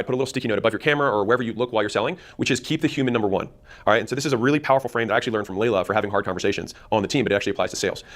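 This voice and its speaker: A man's voice: medium pitch, a bit bright. A man coaching salespeople, giving confident, instructive advice in a teaching talk. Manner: rapid, confident, instructive delivery. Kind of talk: fast-paced teaching talk.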